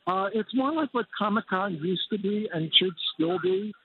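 A man's voice: high-pitched, moderate pace. A man reporting by phone from a busy convention center floor, upbeat and enthusiastic. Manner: upbeat, fond of colorful phrases. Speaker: animation critic reporting remotely. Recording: phone line with faint noise.

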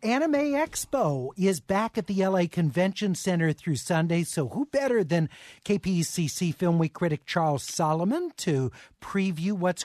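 A male radio host speaks from a dry, close studio mic. He sets up segments and gives call-in numbers. His delivery is smooth and businesslike. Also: high voice, a little mellow, no echo. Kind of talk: public radio talk show hosting. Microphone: studio microphone.

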